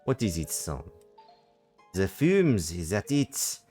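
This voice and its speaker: A gruff older father at a card table, voiced by a man. His voice sits low and speaks curtly and quietly. Faint game music plays behind him. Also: big pitch swings, takes it slowly, exaggerated voice.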